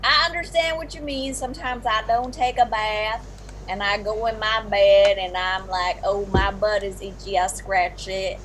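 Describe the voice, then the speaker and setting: A woman's voice: mid-range voice, steady tone, unhurried, over music, natural voice. A woman playing a crude, giddy morning show co-host who talks in a bawdy, giggling drawl.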